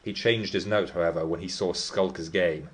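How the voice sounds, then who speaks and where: A man's voice: sits low, steady tone, moderate pace, lightly acted. A man reading the part of Heathcliff, a brooding, defiant teenage boy, telling his tale with scorn and vehemence. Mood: scornful.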